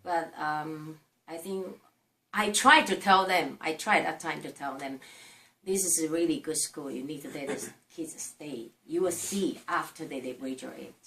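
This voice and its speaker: Woman from Taiwan, a mother, earnest and halting English, low register, faint background hiss. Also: pushed and bright, low-quality recording. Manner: earnest, restarts sentences, non-native English. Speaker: mother of the interviewed students. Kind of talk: casual interview chat.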